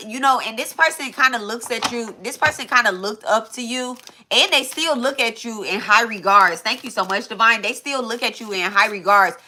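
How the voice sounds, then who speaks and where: A woman's voice: fairly high pitch, sharp tone. A woman giving a loose, casual spiritual reading to her viewers, swearing freely and restarting her sentences as she thinks aloud. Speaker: tarot reader.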